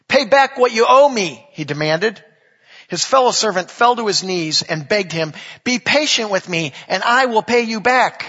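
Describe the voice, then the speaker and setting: A man's voice: high-pitched, a bit bright, slightly rough. A man preaching a sermon as a pastor, in a conversational way with jokes and asides, recorded in an echoey church on a dull lo-fi recording. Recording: echoey hall, dull lo-fi sound.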